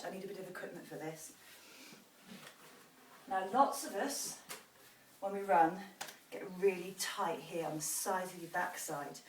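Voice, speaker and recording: A woman's voice: lowish voice, distant mic. A woman fitness instructor guiding a post-run stretching routine, demonstrating each stretch as she encourages the viewer. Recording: roomy sound from off-mic with faint noise.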